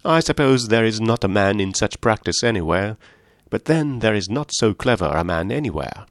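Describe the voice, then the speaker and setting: A man voicing a fretful elderly gentleman who fusses anxiously over health. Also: fairly low pitch, expressive, normal speed, dry recording, clean studio sound. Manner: anxious, fussing, gently scolding.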